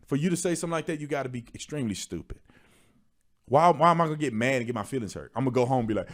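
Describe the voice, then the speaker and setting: Man, young adult, preachy commentary, lively pitch, raised emphatic shouts. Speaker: livestream host. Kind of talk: opinion commentary stream.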